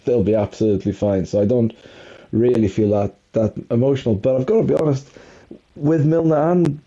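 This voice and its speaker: A man's voice: mid-range voice, steady tone, fairly quick, warm tone, dull audio. A man co-hosting a casual football podcast, rambling and self-mocking as he talks through the match. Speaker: podcast co-host.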